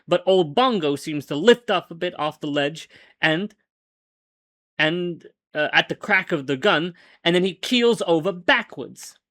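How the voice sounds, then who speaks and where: A man hosting a show and reading an old-fashioned story aloud, with wry, deadpan storytelling and small stumbles. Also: a little high, a little slow, no room sound, clean studio sound. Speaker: host and reader.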